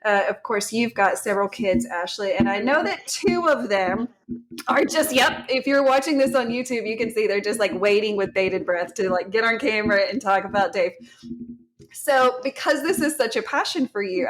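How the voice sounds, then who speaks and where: A woman's voice: mid-range voice, expressive, moderate pace, low-quality recording. A woman with a Southern US accent, hosting a podcast in chatty, casual conversation and laughing often. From Texas. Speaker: podcast host. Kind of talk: casual chat.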